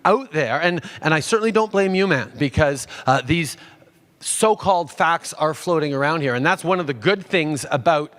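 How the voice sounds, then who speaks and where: A man fields questions from a town hall crowd in a somewhat raised pitch. He halts and restarts often, filling gaps with frequent ums and uhs. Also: lively intonation, fairly bright tone. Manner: halting, many fillers and restarts.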